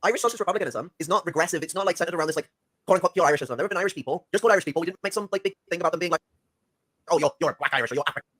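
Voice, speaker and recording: Quick lecturing man, slightly raised pitch, dry close mic. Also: a bit bright, no echo. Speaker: stream co-host discussing politics. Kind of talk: casual political discussion.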